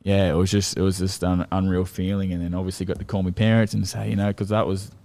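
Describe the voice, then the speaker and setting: A young Australian man, a rugby league player, telling excited stories as a guest in a casual chat, swearing freely. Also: low voice, fast, gravelly. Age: young adult.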